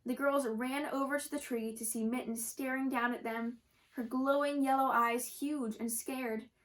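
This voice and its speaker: Woman storyteller, gentle read-aloud for kids, slightly high voice. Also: steady tone, moderate pace, rough recording. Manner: gentle, occasional slips and self-corrections.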